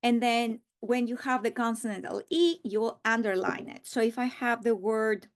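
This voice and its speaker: A woman teaching a reading lesson, modeling words slowly and deliberately. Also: on the high side. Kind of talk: instructional lesson.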